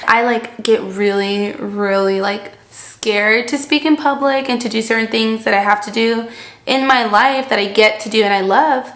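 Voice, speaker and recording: A woman's voice: a little high, steady tone, moderate pace, a bit bright. Chatty young woman in an echoey room. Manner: chatty, rambling, heavy use of "like". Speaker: vlogger. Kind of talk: casual chat to camera. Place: seated indoors in a room. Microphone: camera mic.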